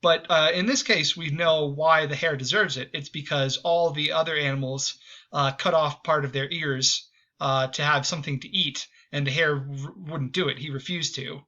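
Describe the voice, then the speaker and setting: Male history host, casual lecture, hesitant with frequent ums, bright forceful voice, somewhat high. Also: fairly even intonation, normal speed, highs cut off. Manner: hesitant, many ums and restarts.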